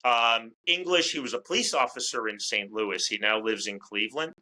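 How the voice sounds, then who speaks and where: A man talking as a guest in a casual interview, chatty and quick to restart his words. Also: medium pitch, bright, forceful tone, poor audio. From United States. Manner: talkative, repeats words as he restarts. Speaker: fight commentator, interview guest.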